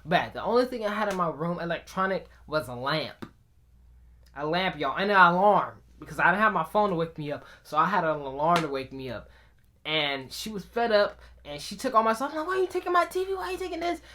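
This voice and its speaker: A young man telling a story in a casual, animated storytime style, talking straight to viewers. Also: fairly high pitch, a little fast. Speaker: vlogger.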